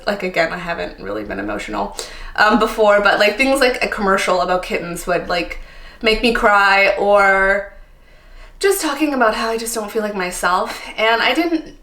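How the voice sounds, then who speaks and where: A woman's voice: medium pitch, a bit bright. A woman in her thirties from Canada, chatting casually to camera as a vlogger, candid and tired, filling her talk with ums and likes. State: tired, a little emotional. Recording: echoey room.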